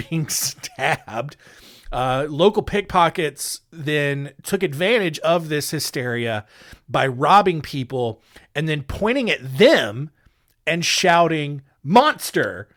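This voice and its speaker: Animated, jokey male podcast host. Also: a little high. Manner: jokey, animated, lots of fillers. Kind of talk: casual history storytelling.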